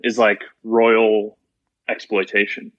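Low-voiced man in rambling casual chat. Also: completely flat delivery, slow pace, dry recording, dull audio. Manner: rambling, swears freely, repeats "like". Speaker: musician guest.

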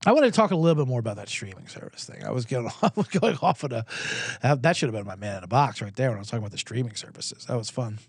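A man hosts a comedy sports podcast, ranting sarcastically and cursing freely. His voice swings widely in pitch as he fires off complaints. The recording is close and dry. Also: expressive, rapid-fire, gravelly, slightly rough, dry recording. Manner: ranting, sarcastic, profane, self-interrupting. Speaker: podcast host.

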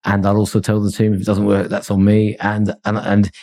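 A middle-aged man who founded a consultancy reflects in a conversational podcast interview, rambling with fillers and chuckles. His mellow, lowish voice is monotone and a little fast.

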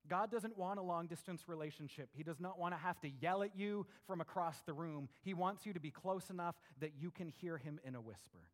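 A man's voice: high-pitched, fairly quick, few pauses. A middle-aged man preaching a sermon in a conversational way, often checking in with "right?" and acting out voices. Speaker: pastor.

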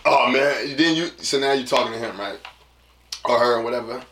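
A man's voice: mid-range voice, a little fast, fairly bright tone, echoey room, a little hiss or hum. A man hosting a casual solo podcast, rambling through a story in loose slang and acting out voices. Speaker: podcast host.

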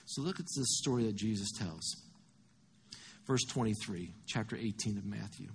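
Husky-voiced man preaching a sermon. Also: on the low side, normal speed. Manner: conversational, walks through scripture and arithmetic. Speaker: pastor.

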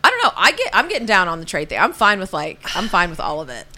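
A woman's voice: on the low side, wildly swooping pitch, quick pace, bright, forceful tone. A woman co-hosting a comedy podcast, rambling, self-deprecating and laughing often as she talks. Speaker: podcast co-host. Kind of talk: casual comedic podcast chat.

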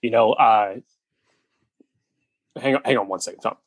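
A man's voice: on the low side, normal speed, no room sound, lightly acted. A man playing an earnest male football coach candidate in a comedic mock job interview.

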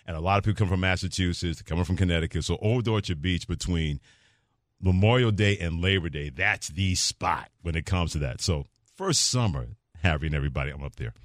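A male radio talk show host telling a story with lively flair, acting out the voices he quotes. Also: deep voice, fairly quick, dry recording, studio quality. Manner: animated storyteller who acts out quoted voices.

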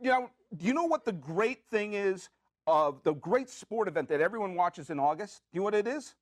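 A man's voice: high voice, brisk, dry recording, studio quality. A man hosting a podcast, delivering a comedic monologue with playful rants and questions he asks himself. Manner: animated, jokey, with playful rants and self-asked questions. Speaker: podcast host. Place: studio.

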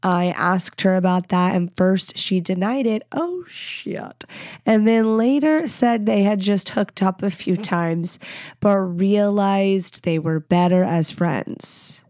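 A woman's voice: mid-range voice, a little mellow, no echo, studio quality. A woman in her thirties, congested, giving blunt, candid advice as a podcast host. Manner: blunt, candid, quick asides. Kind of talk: casual advice chat.

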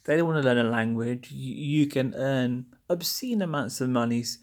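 A young man from England talks casually on his podcast. He is wry and chatty, and he slips into quoted exchanges as he goes. His voice sits at an ordinary middle pitch. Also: normal speed, a little mellow. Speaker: podcast host. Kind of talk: casual monologue.

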